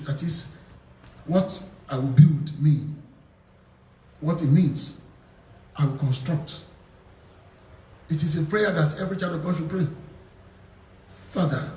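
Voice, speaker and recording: A man's voice: fairly high pitch, vocal fry, darkish tone, reverberant, distant mic, a little hiss or hum, poor audio. A man with a Nigerian accent, preaching a sermon in a repetitive, emphatic cadence with many fillers. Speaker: pastor.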